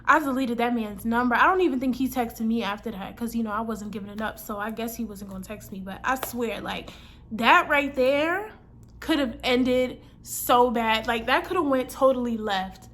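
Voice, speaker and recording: A woman's voice: a little high, normal speed, fairly bright tone. A woman in her twenties telling a personal story in a casual storytime vlog, chatty and slangy, acting out her own lines and other people's. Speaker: vlogger.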